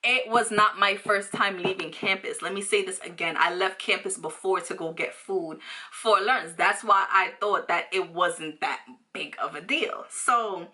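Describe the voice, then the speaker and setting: A woman's voice: medium pitch, a little slow, bright, forceful tone. A young woman from New York telling a storytime vlog, rambling with lots of fillers and slang. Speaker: vlogger.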